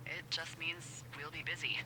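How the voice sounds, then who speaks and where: A woman's voice: low-pitched, level tone, moderate pace, a crowd in the background, close to an everyday voice, poor audio. An actress playing a sardonic adult woman in a video game, talking over a radio in a matter-of-fact way. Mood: dry.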